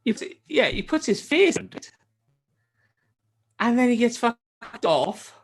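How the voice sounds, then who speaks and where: A man hosting a podcast, telling a game's story in casual chat, swearing often and mimicking characters. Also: a little slow. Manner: animated storytelling, heavy swearing; acts out character lines in a high voice. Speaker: podcast host.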